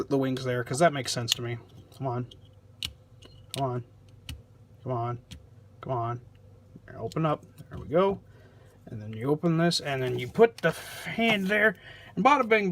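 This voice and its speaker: A man's voice: on the high side, slight background noise. A man hosting a casual toy review vlog, rambling along with sarcastic, self-deprecating asides.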